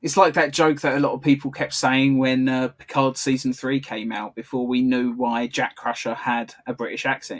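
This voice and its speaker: A man's voice: medium pitch, flat delivery, moderate pace, hardly any pauses. A man co-hosting a casual episode commentary podcast, chatty and rambling, laughing often as he talks. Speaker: podcast co-host.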